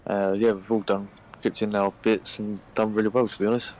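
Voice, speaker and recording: A man interviewed after a race as a driver, cheerful but flat in delivery. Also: on the low side, fairly quick, slight background noise, rough recording.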